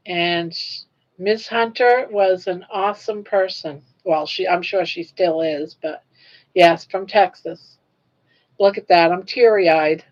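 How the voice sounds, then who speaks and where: A woman's voice: medium pitch, muffled recording. An older woman hosting her own live stream, chatting casually and reacting aloud to viewer comments. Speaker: livestream host.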